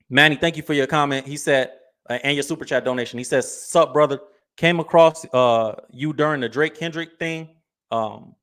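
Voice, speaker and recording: A man's voice: mid-range voice, fairly bright tone. A man hosting a livestream in a casual, chatty way, reacting to clips and talking to his viewers. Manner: casual, chatty, leans on "bro" and "you know what I'm saying". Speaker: livestream host.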